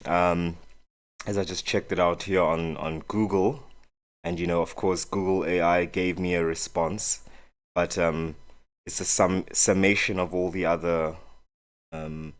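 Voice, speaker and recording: Male co-host, South African accent, deep, measured and hesitant. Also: little pitch movement. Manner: measured, hesitant, reads out search results. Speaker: podcast co-host. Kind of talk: casual discussion.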